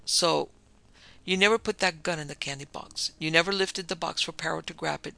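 A man's voice: a little high, steady tone, a little fast, creaky, bright, forceful tone, dry recording. A man voicing a cold, hard male detective who hates criminals, speaking in terse, clipped, stern lines.

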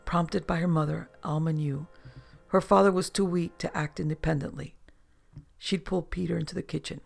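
Gravelly, husky audiobook narrator. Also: mid-range voice, steady tone, moderate pace, faint music behind.

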